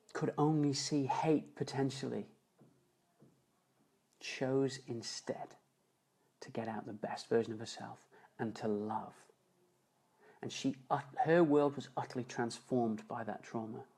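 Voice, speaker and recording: Earnest male motivational speaker, mellow tone. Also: medium pitch, husky, low-quality recording. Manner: earnest and emotional, slowing for emphasis, quieter at key moments. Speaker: motivational speaker and seminar founder. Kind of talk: motivational storytelling on a live stream. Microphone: phone or webcam on a live stream.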